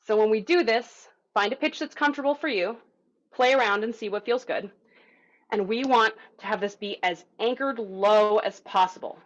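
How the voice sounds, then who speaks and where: A young woman coaches a group through voice exercises over a video call. She talks calmly and encouragingly at a middle pitch. The audio is a little dull and lo-fi. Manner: calm, encouraging, demonstrating vocal exercises and counting breaths. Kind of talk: online group voice lesson. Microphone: video call mic.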